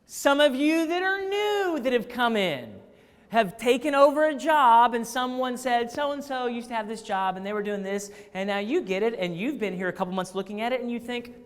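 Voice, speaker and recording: A man speaking to a live audience of staff, telling a story with animated quoted dialogue. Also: very high-pitched, normal speed, smooth. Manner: animated, acts out phone calls in quoted voices. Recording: long reverb of a large hall.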